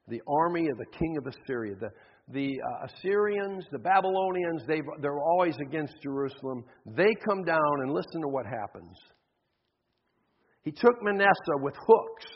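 A man's voice: fairly high pitch, slightly rough. A man preaching a sermon in a church, telling a Bible story with passion and acting out its figures. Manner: impassioned, acts out biblical figures. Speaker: pastor. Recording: dull audio with long hall reverb.

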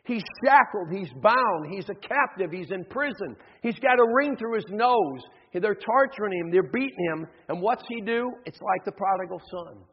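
A man's voice: sits high, animated, normal speed, hardly any pauses, husky. A man preaching a sermon in a church, telling a Bible story with passion and acting out its figures. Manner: impassioned, acts out biblical figures. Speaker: pastor. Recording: dull audio with long hall reverb.

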